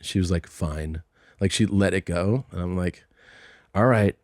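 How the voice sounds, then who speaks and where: A lower-voiced middle-aged man on a podcast, recorded dry and close. He talks in a relaxed, rambling way and slips in and out of the people he quotes. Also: normal speed, no echo. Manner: laid-back anecdote telling, acting out quoted exchanges. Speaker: podcast host and comedian. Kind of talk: casual chat, storytelling. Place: podcast studio. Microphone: studio microphone.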